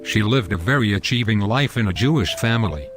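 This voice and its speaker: A man's voice: fairly low pitch, lively intonation, a little fast, natural voice. A man playing a fond, teasing old grandfather who tells his granddaughter a story in an amateur scripted skit, calling her honey. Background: background music.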